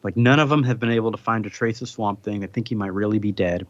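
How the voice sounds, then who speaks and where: A man's voice: on the low side, fast talker, dry recording, dull audio. Man rambling through a comic recap. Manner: loose, rambling retelling with playful paraphrased quotes. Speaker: podcast co-host. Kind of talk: casual comic recap chat.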